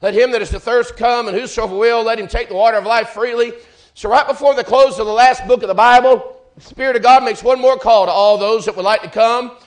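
A man preaching a fervent sermon in church, building rhythmic refrains and swinging between loud and hushed. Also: extremely high pitch, fairly even intonation, fairly quick. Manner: fervent, rising and falling in volume, repeated refrains.

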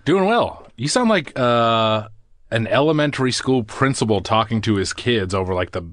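Dude cohosting a podcast, super animated voice, always cracking jokes, dry mic. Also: male voice, medium pitch, moderate pace, no echo. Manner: jokey, teasing, laughs often. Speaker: podcast co-host. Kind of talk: casual podcast banter.

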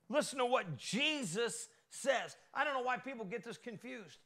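A Midwestern American man preaching, his voice high-pitched and bright with a gravelly edge. He talks to the congregation in a folksy way, calling for responses and reading scripture aloud. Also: expressive, moderate pace, few pauses. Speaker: pastor. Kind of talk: sermon.

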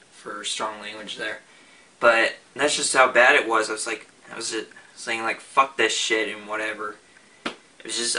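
A man's voice: medium pitch, pushed and bright. A young man talking casually in a vlog, rambling with frequent restarts and fillers. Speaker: vlogger. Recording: voice a bit far from the mic.

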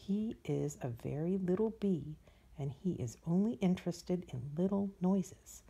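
Woman doing a wise old male groundhog for a storybook: hushed, unhurried, knowing. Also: on the low side, expressive, breathy edge, dull audio, full character voice. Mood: advising.

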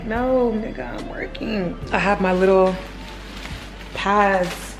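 A young woman with a drawl vlogs from her home, talking straight to the camera in an excitable, chatty way. Her voice sits at an ordinary middle pitch, and it comes through her handheld phone. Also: measured pace, over music. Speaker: vlogger. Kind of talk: casual vlog chat.

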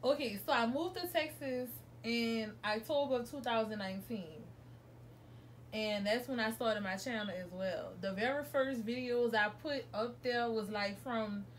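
Her voice medium in pitch, a young woman from New Orleans, USA, rambles through a chatty storytime for her vlog viewers at home, correcting herself as she talks. A little hiss or hum can be heard.

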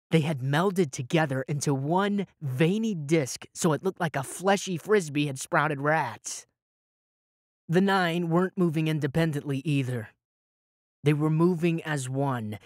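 A man's voice: on the high side, no room sound, clean studio sound. A man narrating a first-person audiobook in a dramatic, wry way.

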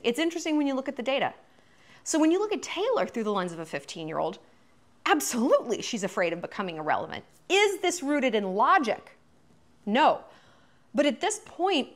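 Chatty, animated woman host. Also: sits high. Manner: chatty, profane, animated, lots of fillers. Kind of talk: casual commentary monologue.

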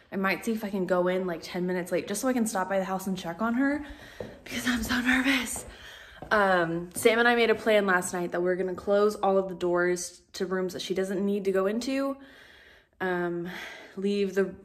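A woman's voice: medium pitch, a little hiss or hum. A young woman vlogging at home and in her car, talking in a chatty, nervous way with lots of fillers like "um" and "like". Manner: chatty and anxious, many fillers like "um" and "like". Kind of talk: casual vlog chat.

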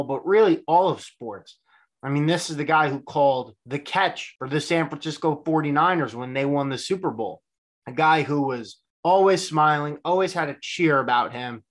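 A man's voice: on the high side, fairly bright tone. A man in his twenties hosting a solo sports podcast, talking in an earnest, reflective, conversational way. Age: 20s. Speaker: podcast host.

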